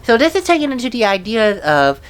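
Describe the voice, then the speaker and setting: A woman's voice: a little high, big pitch swings, a little fast, clear, resonant tone. A woman giving casual commentary while playing a video game, chatty and rambling, often restarting her sentences. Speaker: let's play commentator. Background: faint game music.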